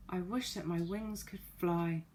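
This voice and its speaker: A woman voicing a joyful little girl with fairy wings, calling out in a high voice in a storybook. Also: steady tone, measured pace, a little mellow, a little hiss or hum, close to an everyday voice. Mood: delighted.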